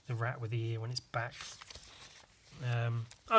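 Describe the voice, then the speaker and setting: A man's voice: mid-range voice, expressive, moderate pace, vocal fry, pushed and bright, slight background noise. A young man casually talking over his old comic, self-mocking and swearing. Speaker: vlogger. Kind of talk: casual commentary.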